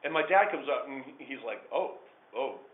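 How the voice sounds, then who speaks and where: A man telling a true story to a small group of listeners, animated, swinging between hushed and loud. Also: mid-range voice, fairly quick. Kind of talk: live personal storytelling to listeners. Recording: echoey room over a tinny phone-like line.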